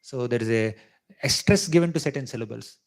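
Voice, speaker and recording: A man's voice: medium pitch, fairly quick, creaky. A man giving a devotional scripture talk to a live audience, teaching in a conversational way, often checking "right?" and chuckling as he explains. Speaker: temple speaker teaching scripture. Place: temple hall with audience.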